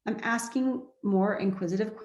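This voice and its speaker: A woman's voice: medium pitch, moderate pace, darkish tone, highs cut off. Woman coaching in an echoey room. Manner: conversational, checks in with listeners often. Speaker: life coach. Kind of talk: live coaching class.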